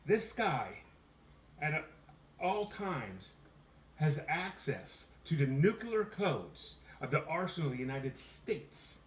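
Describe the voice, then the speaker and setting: A man's voice: fairly high pitch, sing-song, slow pace. A man from Canada co-hosting a casual home podcast, making dry jokes and chuckling at his own remarks. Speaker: podcast co-host. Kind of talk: casual chat. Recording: roomy home recording with faint noise.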